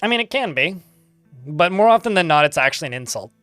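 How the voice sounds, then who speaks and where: A man's voice: a little high, sing-song, fast, fairly bright tone, dry recording, soft background music. A man chatting casually while livestreaming a game, rambling with lots of filler words. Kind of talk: casual live gameplay chat.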